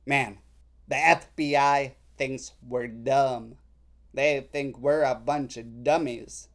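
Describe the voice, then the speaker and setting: A man delivers unscripted commentary at an unhurried, drawn-out pace. His tone is sarcastic and mocking, and he often stops and restarts his sentences. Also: medium pitch, steady tone. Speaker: political commentary host. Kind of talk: casual commentary, reading messages aloud.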